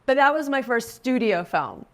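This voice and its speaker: A woman's voice: fairly high pitch, sing-song, moderate pace, a bit bright. A woman in her forties, a guest actress in a casual interview, who talks in a chatty way, laughs often and lifts her voice when quoting people. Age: 40s.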